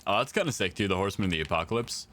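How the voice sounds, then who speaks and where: A young game streamer chats casually with his viewers while playing, laid-back and full of slang. His low-pitched voice is animated and sharp, and he talks at a racing speed.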